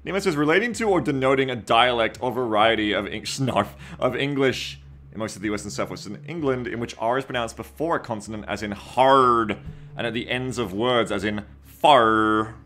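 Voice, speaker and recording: Bright-voiced streamer, chatty. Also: male voice, mid-range voice, fast, faint music behind. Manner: chatty, reads viewer comments aloud, often second-guesses himself mid-sentence. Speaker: game streamer. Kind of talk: casual live-stream commentary while gaming.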